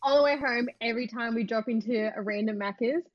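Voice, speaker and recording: A woman's voice: a little high, fast talker, no echo. Teasing young woman, muffled sound. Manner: teasing, laughing. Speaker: podcast co-host. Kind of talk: casual chat.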